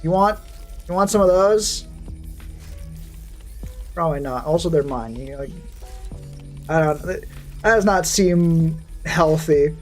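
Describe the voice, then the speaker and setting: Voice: mid-range voice, slow pace, long pauses, soft background music. A VTuber streamer chatting casually with a live audience and answering chat, with a sardonic, profane, rambling manner.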